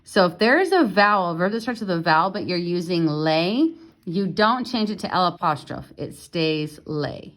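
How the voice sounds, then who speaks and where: A woman French teacher explaining grammar in a casual recorded lesson at home, patient and unhurried with small fillers. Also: fairly low pitch, lively intonation, fairly bright tone.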